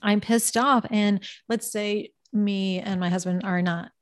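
A woman in her forties chatting casually, earnest and reflective, slowing down to land a point. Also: medium pitch, steady tone. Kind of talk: casual chat giving advice.

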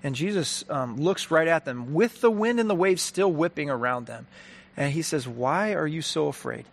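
A man's voice: fairly high pitch, animated, normal speed. A man giving an earnest, conversational faith talk, telling a story and applying it.

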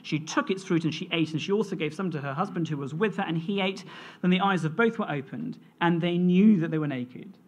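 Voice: medium pitch, a little fast. A preacher delivering a sermon in an earnest, storytelling manner, reading scripture and sharing a family anecdote.

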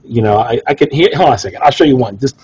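Husky man in casual podcast banter. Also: rapid-fire, darkish tone, lo-fi sound. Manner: jokey storyteller, pitch jumps when quoting himself. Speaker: cigar shop owner and podcast co-host.

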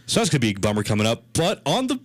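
A man's voice: medium pitch, wildly swooping pitch, very fast, no echo. A young man hosting a casual sports podcast, rambling and chuckling as he talks. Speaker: podcast host.

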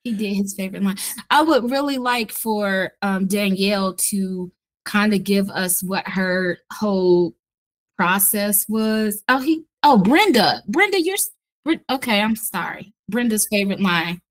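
Animated woman chatting in a group interview. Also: medium pitch, measured pace, low-quality recording. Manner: animated, acts out character lines.

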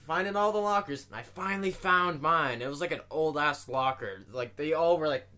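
A man's voice: fairly high pitch, moderate pace, sharp tone. A young man on a podcast telling a rambling story, swearing constantly and laughing at himself. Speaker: podcast co-host. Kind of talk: casual storytelling.

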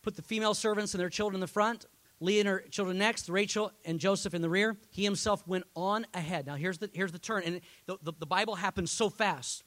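Male pastor, high-pitched, impassioned sermon delivery that rises to loud peaks; dry, close recording. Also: fairly even intonation, a little fast, no room sound.

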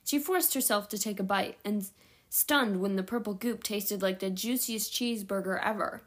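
A woman's voice: mid-range voice, moderate pace. A woman reading a novel aloud at home, with small slips and self-corrections along the way. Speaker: audiobook reader.

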